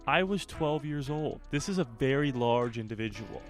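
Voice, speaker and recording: Animated young man telling a story. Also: medium pitch, moderate pace, faint music behind. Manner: animated storyteller, acts out shouted quotes. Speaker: channel host. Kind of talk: storytime vlog.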